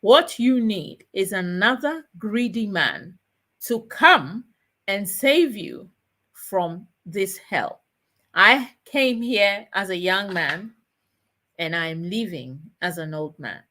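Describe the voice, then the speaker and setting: Woman putting on a weary old man long trapped at a mill, low, heavy and solemn, speaking slowly, a touch lower than her usual voice. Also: animated, pushed and bright, heavily acted. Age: older.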